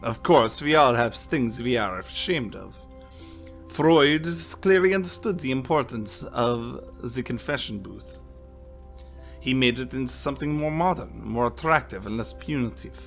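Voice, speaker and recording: A man voicing a calm priest with a French accent, speaking warmly and slowly in a soft, deep voice. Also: creaky, faint music behind. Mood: musing. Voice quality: warm and deep, soft-spoken. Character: priest, calm middle-aged man, gentle talker.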